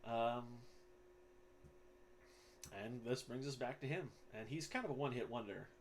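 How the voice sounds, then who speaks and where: A man's voice: mid-range voice, normal speed, a little hiss or hum. Casual man running a tabletop game. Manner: casual, with fillers and profanity. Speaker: game master.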